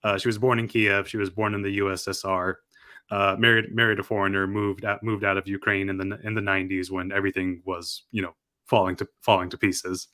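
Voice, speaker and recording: Halting man with a bright, close voice. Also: deep voice, flat delivery, no room sound. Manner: halting, many restarts. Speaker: podcast guest. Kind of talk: casual podcast chat.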